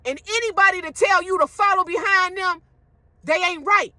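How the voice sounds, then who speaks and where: Brief: outspoken woman ranting straight to camera, bright, high and emphatic. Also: normal speed, no room sound. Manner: emphatic, blunt, profane. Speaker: social media commentator. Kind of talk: ranting monologue to viewers.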